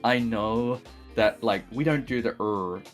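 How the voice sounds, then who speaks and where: A man's voice: medium pitch, measured pace, soft background music. A man with an Australian accent, chatting casually as a stream guest, rambling, swearing freely and laughing often.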